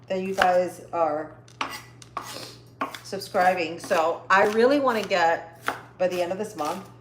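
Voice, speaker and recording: A woman hosting a casual cooking livestream from her home kitchen, chatting upbeat with viewers while she chops. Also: medium pitch. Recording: echoey kitchen with faint noise.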